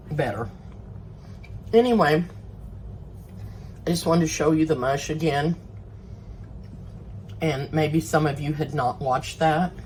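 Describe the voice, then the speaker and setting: A woman's voice: deep voice, a little hiss or hum, rough recording. An older woman, hosting a casual home cooking demonstration in a homey, chatty way and eating as she talks. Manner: homey, chatty, eats while talking. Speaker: cooking channel host.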